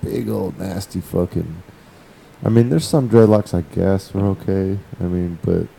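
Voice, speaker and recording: Deep man, dark gravelly voice, loose profane podcast banter, faint noise behind. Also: unhurried, poor audio. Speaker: podcast co-host. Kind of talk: casual chat.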